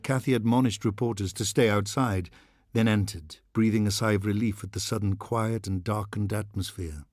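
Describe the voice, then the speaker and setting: A man narrating a dark novel as an audiobook, in a measured, dramatic storytelling style. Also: fairly low pitch.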